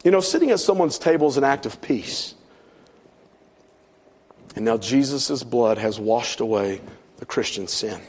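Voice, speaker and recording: A middle-aged man, preaching a sermon with swelling emphasis and soft drops. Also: mid-range voice, expressive, unhurried, pauses often, slightly rough. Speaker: pastor.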